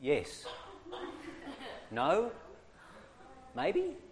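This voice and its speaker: A man's voice: a little high, very slow. A man leading a training class for church teachers, coaxing his listeners along and checking in with them often. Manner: lively, coaxing, keeps checking in with "okay?".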